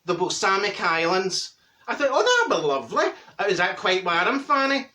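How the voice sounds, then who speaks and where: Brief: a man playing a Glaswegian busybody woman, gossipy and vain, high voice with a sharp, bright edge. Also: sing-song, normal speed, exaggerated voice. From Glasgow, Scotland. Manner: gossipy, cackling, full of wee asides. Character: chatty gossiping middle-aged Glasgow woman, vain. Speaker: comedy character monologue. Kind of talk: comic character monologue.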